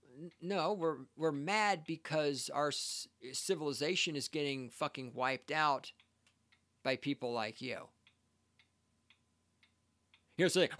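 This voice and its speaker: A man's voice: a little high, lively intonation, unhurried, long pauses, fairly bright tone. Sarcastic, heated man ranting on a podcast. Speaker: podcast host. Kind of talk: ranting commentary reacting to a read-out text.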